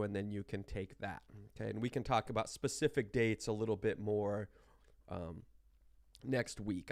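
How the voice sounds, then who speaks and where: A man's voice: medium pitch, clear, resonant tone, no room sound, studio quality. A man teaching a math class in an informal, explaining way, holding back a cough while chewing gum. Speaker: math instructor. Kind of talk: class lecture.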